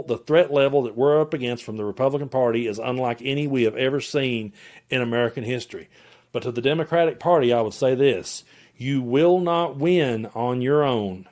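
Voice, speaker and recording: A man's voice: mid-range voice, darkish tone. A man with a Tennessee Southern accent hosting his own channel, giving an impassioned, emphatic political rant straight to his viewers. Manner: direct, emphatic, addresses viewers and politicians head-on. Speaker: political commentator and channel host.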